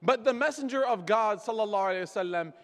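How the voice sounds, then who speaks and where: High-voiced man preaching in an echoey hall. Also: lively intonation, quick pace, fairly bright tone. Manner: storytelling with self-deprecating jokes. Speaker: speaker. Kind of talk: religious talk at a gathering. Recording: long hall reverb.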